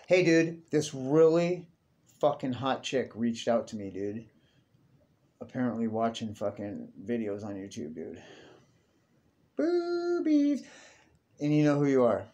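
A man's voice: lowish voice, mellow. Profane rambling young man. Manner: profane, rambling, says dude constantly. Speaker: vlogger. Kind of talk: casual rant to camera.

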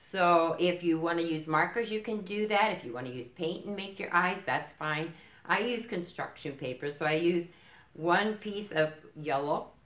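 A woman with a low voice explains a children's craft slowly and patiently, step by step, often checking in with her young viewers. She sounds like a library story time host, recorded in an echoey room. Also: a bit bright.

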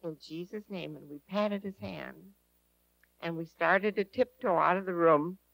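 A woman's voice: on the low side, measured pace, gravelly, fairly bright tone, no echo, poor audio. A woman telling a personal testimony to an audience in an earnest, emphatic way, repeating her key phrases. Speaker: speaker at a prayer teaching session.

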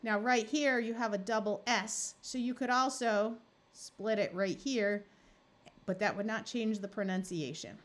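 Slow, explaining woman tutor. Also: a little high. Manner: slow, explaining, sounds out words. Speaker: reading tutor. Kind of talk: phonics lesson.

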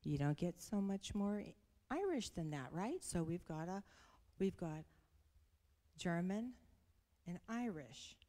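A middle-aged woman speaking at church, telling a personal story in a sermon with animated, laughing delivery. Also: lowish voice, slow, long pauses, long reverb tail.

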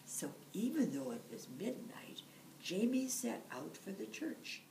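A woman storyteller reads a folktale aloud at a slow, unhurried pace. Her pitch moves in a lively way as she tells it. The recording is distant and echoey, with faint room noise behind. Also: vocal fry. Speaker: library storyteller. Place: library room.

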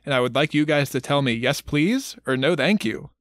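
A man co-hosting a casual movie podcast, speaking in a relaxed, conversational way. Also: fairly high pitch, moderate pace. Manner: relaxed, conversational, occasional fillers. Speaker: podcast co-host.

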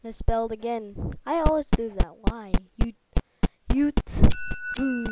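A woman talks through her gameplay at a desk microphone, chatty and easily startled. Her voice sits a bit high and she speaks slowly, drawing out her reactions. A loud, constant noise runs under the whole recording. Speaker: let's play host. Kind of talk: casual gameplay commentary. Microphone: desk microphone at a computer.

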